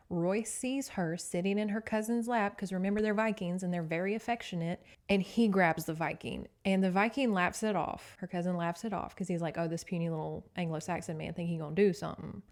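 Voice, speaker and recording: A woman's voice: medium pitch, darkish tone. A woman hosting a podcast, casually recapping a novel with sass and swearing. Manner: chatty, sassy, swears freely. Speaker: podcast host.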